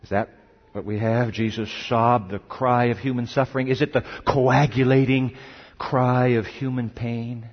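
A man preaching a sermon, swinging dramatically between loud cries and hushed questions. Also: medium pitch, fairly even intonation, measured pace. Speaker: pastor. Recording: long hall reverb, dull lo-fi sound.

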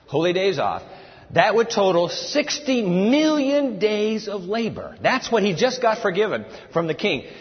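A man preaching a sermon from scripture, emphatic and animated, telling his listeners to write things down. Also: high-pitched, a little slow. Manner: animated and emphatic, tells listeners to take notes. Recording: reverberant hall, dull lo-fi sound.

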